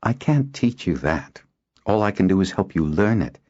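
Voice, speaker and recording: A man's voice: low-pitched, big pitch swings, normal speed, darkish tone, voice pushed up. A man voicing a stubborn, determined young woman who speaks firmly and earnestly, in an audiobook. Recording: dull lo-fi audio.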